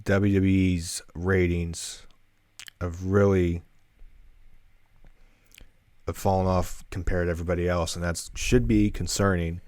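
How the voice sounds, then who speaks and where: A man's voice: deep voice, flat delivery, measured pace, pauses often, a little mellow, no room sound. A man co-hosting a casual podcast, rambling through notes with many fillers and restarts. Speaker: podcast co-host.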